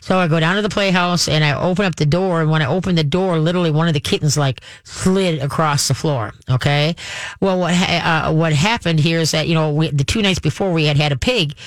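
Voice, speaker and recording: A woman telling a personal story to her viewers in a rambling, halting way, full of restarts and folksy sayings. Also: low-pitched, no echo.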